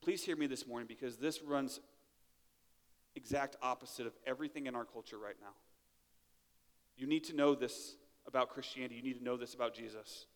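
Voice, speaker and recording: A man's voice: mid-range voice, fairly even intonation, fairly quick, pauses often, long reverb tail. A man preaching a sermon in a church, talking in a conversational way and often checking in with "right?". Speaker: pastor. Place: church sanctuary.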